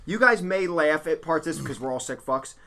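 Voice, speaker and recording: A man co-hosting a casual podcast, telling a dark history story, swearing freely and laughing with his friends. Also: fairly high pitch, expressive, fairly quick. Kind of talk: casual profane podcast banter.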